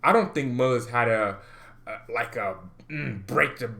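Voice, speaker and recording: A young man hosting a casual football fan vlog, excitable and animated, laughing often as he ranks players. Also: medium pitch, a little slow, creaky. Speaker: football channel host.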